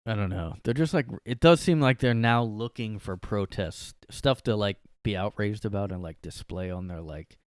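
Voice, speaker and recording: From his bedroom, a man hosts a solo podcast, rambling sarcastically and saying "like" constantly. His voice is fairly low and a little mellow, at normal speed with few pauses, captured in a dry, clean studio-quality recording.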